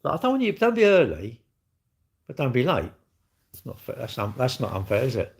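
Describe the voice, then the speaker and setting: A man's voice: medium pitch, wildly swooping pitch, fairly quick, creaky, slightly rough. A man chatting casually on a live stream, blunt and cheeky, rambling and answering his chat.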